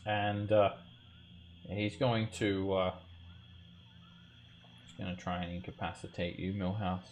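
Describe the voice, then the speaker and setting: A man narrating as game master of an online tabletop game, halting with many fillers and restarts. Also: sits low, little pitch movement, slight background noise.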